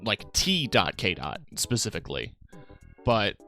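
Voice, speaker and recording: This young streamer's voice is on the low side and unhurried, with soft music in the background. Relaxed and sleepy, he yawns while rambling to his audience in a casual way stuffed with fillers.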